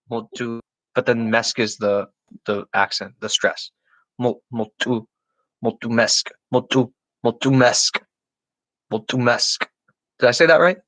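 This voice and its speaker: A man answering viewer questions on a casual live stream, chatty and halting, with many restarts and repeated words. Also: mid-range voice, rough recording. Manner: chatty, talks directly to chat viewers.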